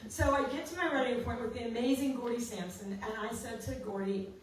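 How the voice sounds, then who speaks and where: A woman's voice: on the high side, quick pace, noisy background. Chatty woman songwriter, roomy distance. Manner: chatty, self-mocking, laughing often. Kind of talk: storytelling at a house concert. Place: living room house concert.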